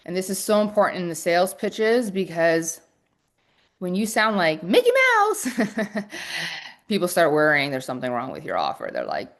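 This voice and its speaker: A woman coaching her audience on a live stream, with a voice a touch lower than most women's. She speaks quickly and with lots of energy, often restarting her sentences mid-thought and tumbling forward into the next point. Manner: fast-talking, energetic; restarts and fillers. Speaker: business coach. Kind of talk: live-stream teaching talk.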